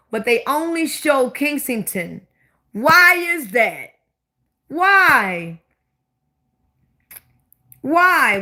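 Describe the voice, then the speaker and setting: Speaking a little high, with a pushed, bright quality, this Baltimore-accented woman hosts her own livestream. She is older than 25 and chats casually, bluntly and at length, repeating her questions often to drive them home.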